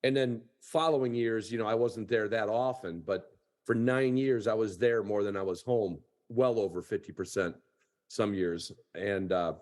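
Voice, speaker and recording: A man's voice: on the low side, normal speed, a little mellow. A man hosting a hunting podcast, telling a long folksy anecdote in casual chat over a video call. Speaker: podcast host.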